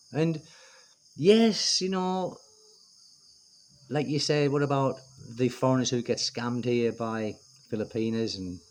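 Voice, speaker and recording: A middle-aged British man vlogging in a casual, opinionated way, rambling with lots of fillers and restarts. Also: mid-range voice. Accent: British English. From United Kingdom. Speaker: expat vlogger. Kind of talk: casual chat to camera.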